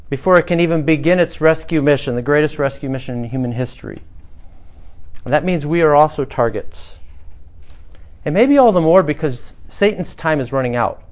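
A man, the pastor, preaching a conversational sermon to his church congregation, building to emphatic passages. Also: on the high side. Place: small church, former bank building.

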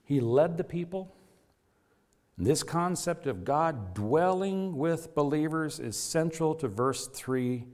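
With lively intonation and a slow pace, a man preaches to his church. The sermon is earnest and forceful, his voice swinging widely in pitch and loudness to stress what matters.

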